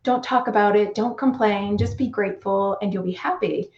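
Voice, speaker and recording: A woman telling a personal story in an earnest, reflective way. Her voice sits at an ordinary middle pitch. The recording is roomy and a little dull. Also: moderate pace, darkish tone. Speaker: podcast guest.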